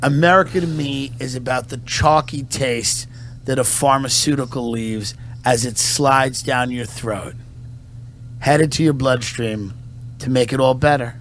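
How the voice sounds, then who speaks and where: A comedian delivering a satirical, mock-solemn patriotic monologue in a deadpan manner. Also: male voice, medium pitch, a little slow, a little hiss or hum. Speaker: comedian and podcast host.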